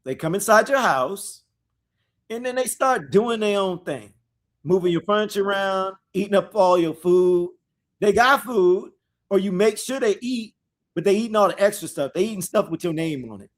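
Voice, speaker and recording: A man hosting a live scripture study discussion. He reads verses slowly and calls out to listeners as "y'all," repeating his phrases as he teaches. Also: high voice, animated.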